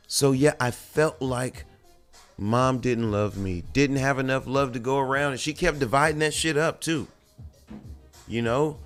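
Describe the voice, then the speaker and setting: A man's voice: mid-range voice, a little slow, soft background music. A man and father, hosting a podcast, talking in a candid, profane, rambling monologue with many restarts. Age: adult with children. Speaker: podcast host.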